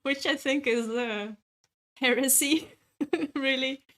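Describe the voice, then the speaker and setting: Drawing on stream, a French-accented woman reads viewer comments and replies casually in a high, slow, fairly bright voice. She sounds hesitant, uses lots of filler sounds, and laughs frequently.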